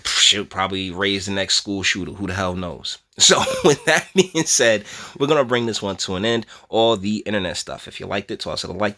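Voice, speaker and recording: A man's voice: gravelly, slightly rough. A man hosting a casual opinion commentary video, rambling with restarts and asides and laughing between phrases. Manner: animated, pitch jumps high when worked up, drops low and quiet when serious. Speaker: commentary channel host.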